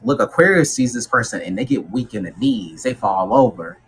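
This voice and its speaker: A man talks through a tarot reading in a loose, slangy way, acting out what people might say. His voice sits at a middle pitch but moves a great deal. There is a faint hiss of noise behind him. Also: brisk, low-quality recording. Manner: slangy and animated, acts out quotes. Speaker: tarot reader. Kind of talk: casual tarot reading monologue.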